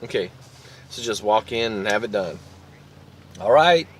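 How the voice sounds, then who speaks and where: A man's voice: on the low side, animated, unhurried, a little hiss or hum. A man with a Southern US accent, rambling through a casual vlog story and a phone call, often restarting and repeating words. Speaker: vlogger.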